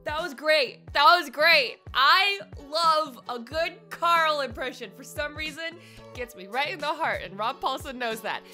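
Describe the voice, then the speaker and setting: A young woman critiques voice impressions in a casual, animated way. Her voice is bright and her pitch jumps around. Light music plays in the background. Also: measured pace. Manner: bubbly, animated, playful critique. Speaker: impressionist reviewing viewer submissions. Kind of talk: casual chat.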